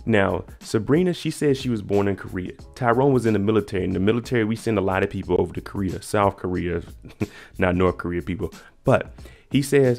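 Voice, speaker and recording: A man hosting a casual reaction talk, chatting in a relaxed, slangy way and giving dating advice to the guys. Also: on the low side, a little fast, vocal fry. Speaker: reality show reaction host.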